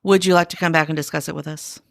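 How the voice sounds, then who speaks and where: A woman's voice: low-pitched, fairly even intonation, fast, creaky. A woman hosting a podcast, steering the talk and speaking directly to the listeners. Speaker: podcast host. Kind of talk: casual podcast chat.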